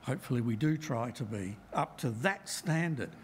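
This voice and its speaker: A middle-aged man giving a Bible talk to a congregation, measured and emphatic as he works through verses. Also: medium pitch, animated, a little hiss or hum. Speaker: lay preacher.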